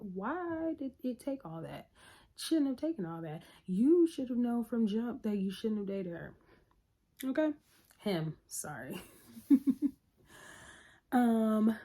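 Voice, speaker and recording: A young woman casually recapping a sitcom episode, acting out the characters' lines and laughing often. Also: medium pitch. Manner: animated, acts out quotes, laughs often. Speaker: show recapper.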